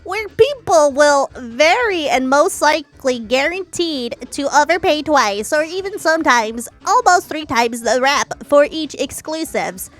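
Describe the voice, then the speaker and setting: A woman's voice: high voice, animated, a little slow, few pauses, fairly bright tone, soft background music. A woman putting on a nerdy voice to read out a long viewer comment in a lecturing, explanatory way. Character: know-it-all nerdy young commenter, male or female unstated. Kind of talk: reading a viewer comment in a put-on voice.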